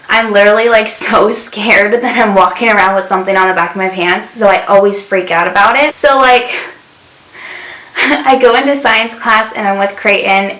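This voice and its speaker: A woman's voice: mid-range voice, fairly bright tone. A young woman vlogger telling a story casually, chatty and full of fillers. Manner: chatty, many fillers, acts out quotes. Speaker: beauty vlogger. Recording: roomy echo.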